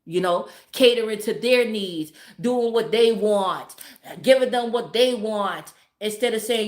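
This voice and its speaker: A woman's voice: medium pitch, measured pace, echoey room. A woman hosting a livestream, giving blunt, heavily profane relationship advice to her viewers and repeating words for emphasis. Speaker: livestream host talking to viewers. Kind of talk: casual livestream advice talk.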